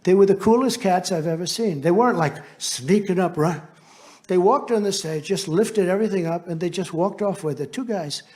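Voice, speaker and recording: A man's voice: high-pitched, moderate pace, darkish tone. A man who is a political candidate, giving a campaign rally speech in a rambling, boastful way with asides to the crowd.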